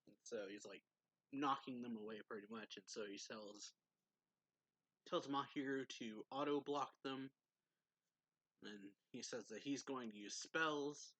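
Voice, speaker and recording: A man's voice: medium pitch, measured pace, pauses often, sharp tone, poor audio. Man casually recapping a manga chapter. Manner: rambling, filler-heavy, reads quoted lines aloud. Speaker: manga reviewer.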